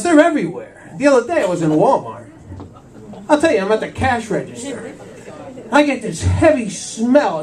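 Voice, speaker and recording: A man in his fifties doing a stand-up routine on a small cafe stage, forever saying "I'll tell you" between jokes. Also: extremely high pitch. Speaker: stand-up comedian. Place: small cafe stage before a live audience. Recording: voice from far off in a cafe.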